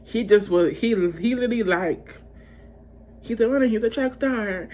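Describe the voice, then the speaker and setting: A woman in her twenties telling a storytime tale to her viewers in a casual, profane, rambling way, breaking into loud outbursts. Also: fairly high pitch, animated, normal speed. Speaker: vlogger.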